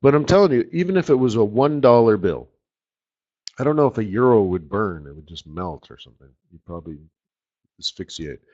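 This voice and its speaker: In a live trading webinar with slightly muffled sound, a Canadian man who works as a forex market strategist talks in a low-leaning, slightly mellow, expressive voice at a fairly quick clip. He's casual and rambling, joking around and frequently asking "right?".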